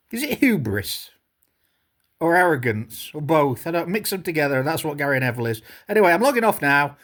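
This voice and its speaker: Vlogger, woman, scornful sweary rant with a very lively, swinging pitch. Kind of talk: ranting commentary vlog.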